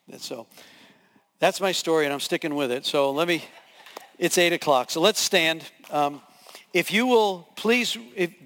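A male pastor delivers a sermon as a story, acting out the scenes with voices as he goes. His voice sits high. The sound carries the long reverb of a large hall. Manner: animated, acts out scenes with voices.

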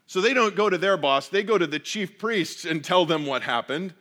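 A man preaching a sermon, reading scripture aloud and explaining it with animated storytelling. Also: high-pitched, normal speed. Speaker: pastor.

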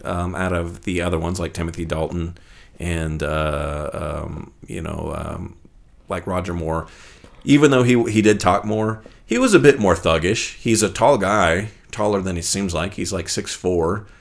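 A man with a very low, deep voice talks loosely on a podcast. He rambles and swears, and keeps slipping into quick impressions of the people he describes. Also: creaky. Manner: crude, rambling, acts out quotes in character. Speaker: podcast co-host. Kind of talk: casual chat.

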